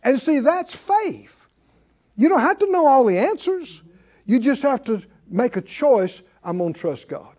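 A man teaching a Bible class in a preaching style, folksy and animated, chuckling often and leading the class in call-and-response. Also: extremely high pitch, measured pace.

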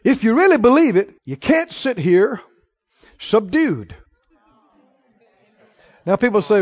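High-voiced man preaching with fire. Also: slow, long pauses, highs cut off. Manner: animated storytelling, swinging from quiet asides to near-shouts. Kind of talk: sermon.

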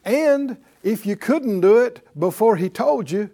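High-voiced emphatic male preacher. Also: expressive, a little slow, warm tone. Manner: emphatic call-and-response preaching, rising in force. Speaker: pastor. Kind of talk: sermon.

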